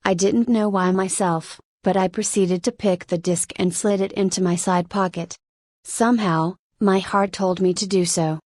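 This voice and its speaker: A woman narrating a first-person light novel audiobook in a steady, measured reading. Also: medium pitch, no echo.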